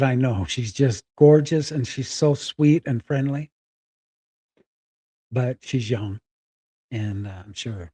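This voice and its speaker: A middle-aged man telling a personal story candidly, halting and close to tears. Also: mid-range voice, dark tone, breathy edge, no room sound. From Spokane, Washington. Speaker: guest.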